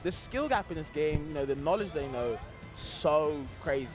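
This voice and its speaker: A man's voice: a little high, expressive, moderate pace, music in the background. A man with a non-American accent commentating a live esports tournament, chatty and laughing often, rambling with lots of fillers.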